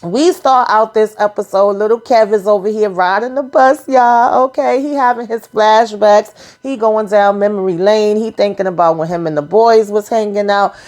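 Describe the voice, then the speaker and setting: A woman giving a casual, sassy recap of a TV episode, talking straight to her viewers in animated, colloquial speech. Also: mid-range voice, moderate pace, few pauses. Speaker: TV recap vlogger.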